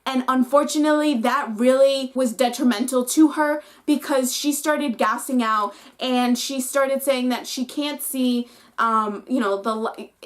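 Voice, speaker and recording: A young woman recapping a reality competition episode in a casual, emotional, chatty way, full of "like" and "um". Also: high-pitched. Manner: chatty, emotional, heavy use of "like". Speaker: reality show reviewer.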